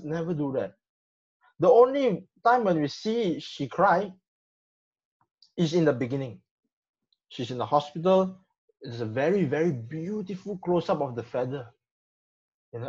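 Halting man talking film, husky voice. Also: on the high side, lively intonation, a little mellow. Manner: halting, repeats words, many "you know" fillers. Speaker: film discussion guest. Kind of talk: casual film discussion. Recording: dull lo-fi sound.

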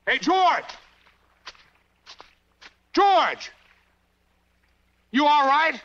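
A man's voice: very high voice, sing-song, very slow, fairly bright tone, heavily acted. An actor playing a friendly, worried small-town policeman in a 1940s film scene. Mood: concerned. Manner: hearty, concerned calling out. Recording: dull old film soundtrack.

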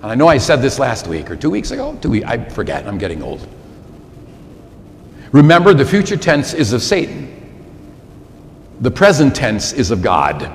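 A man's voice: mid-range voice, moderate pace, pauses often, a little hiss or hum. A man in his sixties, a priest delivering a sermon in a large church, emphatic and given to repeating words for effect. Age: 60s. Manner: animated, emphatic repetition. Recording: reverberant church, faint ambience.

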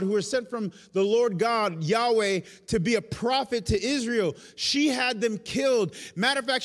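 Animated pastor preaching, high voice. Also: male voice. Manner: animated, storytelling, self-aware asides. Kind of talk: sermon. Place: church sanctuary.

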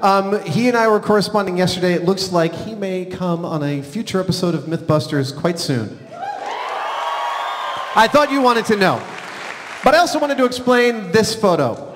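A man in his forties telling funny stories live on a theater stage, animated and excitable, swinging between loud bursts and hushed asides. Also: sits high, normal speed, crowd noise. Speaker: stage storyteller. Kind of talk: live comedic storytelling on stage. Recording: theater reverb, faint hall noise.

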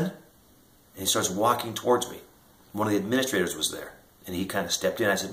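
A man's voice: deep voice, fast talker, fairly bright tone. A middle-aged man with a Midwestern American accent, an inventor telling an earnest story straight to the camera, acting out the voices in it. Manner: earnest storytelling, acts out quoted dialogue. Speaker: inventor and company founder. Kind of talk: direct-to-camera promotional talk. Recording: echoey room.

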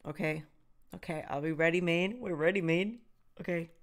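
Excitable young woman streaming a reaction. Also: lowish voice, normal speed. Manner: excitable, nervous chatter with laughs and shrieks.

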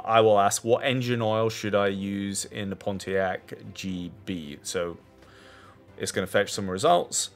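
A man presenting a screen-share technology demo, explaining in a halting way that restarts and repeats words. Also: fairly low pitch. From Scotland.

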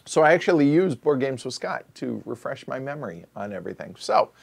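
A man's voice: mid-range voice, sing-song, fairly quick, creaky, breathy edge. A man hosting a board game show, chatting casually and folksily on a live stream and restarting his lines as he goes. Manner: folksy, says y'all.

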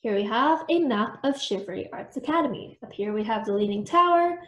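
A woman reads a children's book aloud in an expressive, animated storytime manner. Her voice sits fairly high. The recording has a roomy echo. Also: fairly quick, dull audio. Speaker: storytime reader.

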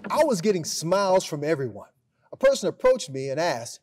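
A man, a school principal, giving a recorded graduation speech, telling a humorous story with deadpan timing and then addressing the graduates with emphatic pride. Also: a little high, brisk, slight background noise. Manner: emphatic, builds to proud address.

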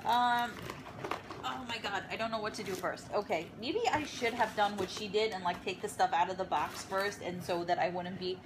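A woman's voice: medium pitch, a little slow, background noise. A woman filming a casual unboxing vlog in her apartment, gushing and emotional over each gift. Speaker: vlogger.

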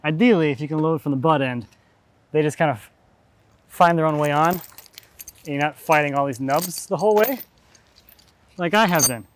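A man's voice: fairly high pitch, moderate pace, pauses often. A man narrating outdoors as he loads a log onto a trailer, chatty and jokey, explaining each step as he works. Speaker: urban logger and video host. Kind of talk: casual narration while working.

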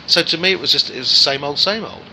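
A man's voice: a little high, fast talker, a little hiss or hum, poor audio. A man in his forties, a guest musician, telling anecdotes in a casual chat and acting out the voices of the people in them. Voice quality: animated raconteur who acts out voices in his anecdotes.

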